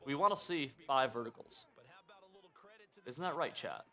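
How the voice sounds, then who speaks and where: A young man streaming a football video game, chatting and reacting in casual gameplay commentary, swinging from muttering to yelling. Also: mid-range voice, measured pace. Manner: excitable, talks to himself and the opponent, jumps from mutters to yells.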